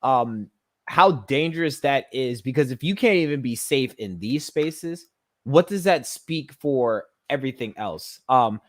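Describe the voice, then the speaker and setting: A man's voice: medium pitch, expressive, measured pace. A man hosting a podcast conversation, speaking emphatically and asking long, rambling questions. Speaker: podcast host.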